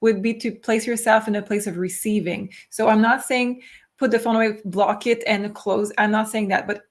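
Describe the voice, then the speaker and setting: A woman's voice: mid-range voice, fairly even intonation, normal speed. A woman tarot reader who is losing her voice, giving earnest advice in a casual chat and sometimes correcting herself.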